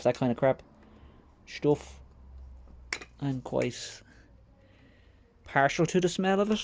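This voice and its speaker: Man, workshop vlog, self-mocking muttering, close mic, average pitch, faint background noise. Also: creaky, darkish tone. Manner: mutters to himself while working, wry and self-mocking. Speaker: motorcycle restoration vlogger. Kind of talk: casual workshop commentary. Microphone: close mic while hands are busy.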